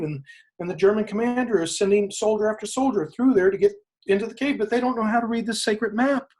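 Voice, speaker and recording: A man, an interview guest, retelling a story in an emphatic, animated way, often repeating phrases for weight. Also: sits high. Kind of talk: inspirational storytelling in conversation.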